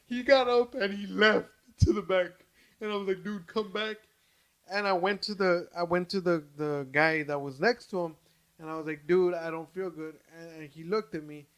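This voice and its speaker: A man's voice: fairly high pitch, moderate pace, clean tone. A young adult man co-hosting a podcast, telling a story in casual chat, swearing freely and stumbling over his words. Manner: animated, swears freely, many restarts and fillers. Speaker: podcast co-host.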